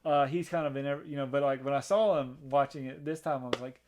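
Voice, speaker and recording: Speaking fast in a medium-pitched, darkish voice, a male podcast co-host chats casually about films with eager enthusiasm. His talk rambles, packed with restarts and fillers.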